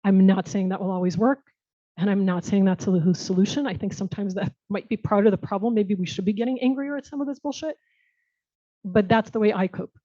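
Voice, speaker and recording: A woman giving a candid talk at a leadership event, frank and reflective in how she speaks. Her voice is mellow and soft-edged. The sound is dry and a little dull. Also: medium pitch, fairly quick, no room sound.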